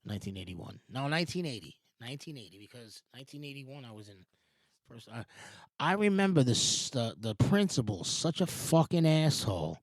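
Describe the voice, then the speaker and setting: Rambling middle-aged man, lively pitch. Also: a little fast, no room sound, studio quality. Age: 40s. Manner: digressive and rambling, swears casually, frequent restarts. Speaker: show host. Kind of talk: rambling morning-show monologue.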